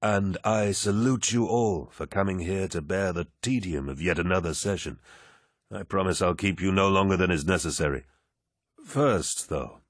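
In an audiobook, a man voices a towering, jovial demigod warlord addressing his troops, booming, genial and warmly commanding. He speaks at normal speed, and the studio recording is clean and dry.

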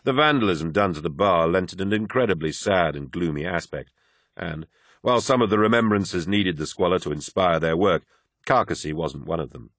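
A man narrating a novel in an expressive storytelling manner. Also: low-pitched, fairly quick, no room sound, clean studio sound. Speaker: audiobook narrator. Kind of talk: scripted narration.

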